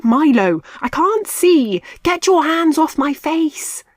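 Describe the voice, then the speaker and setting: A woman's voice: fairly high pitch, animated, measured pace, darkish tone, no room sound, studio quality, voice pushed up. A woman voicing a brave, boastful young boy mouse with a confident, jovial manner in a storybook. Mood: flustered.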